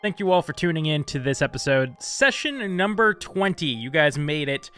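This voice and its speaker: A man hosts a tabletop role-play stream in a casual, joking way. His voice sits a little high for a man. Faint music plays behind him. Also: animated, moderate pace, pushed and bright, clean tone. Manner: chatty, apologetic, joking. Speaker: host.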